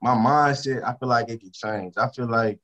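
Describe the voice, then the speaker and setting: A Louisiana rapper talking casually in an interview, repeating himself for emphasis and turning quieter when he talks about stress. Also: mid-range voice, moderate pace, dull audio. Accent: Southern US, Louisiana. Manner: emphatic and repetitive, drops to a subdued tone about stress.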